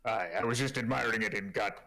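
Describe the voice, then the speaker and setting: A man's voice: lowish voice, quick pace, vocal fry, bright, forceful tone. A man voicing a sheepish, awestruck male adventurer in a tabletop game.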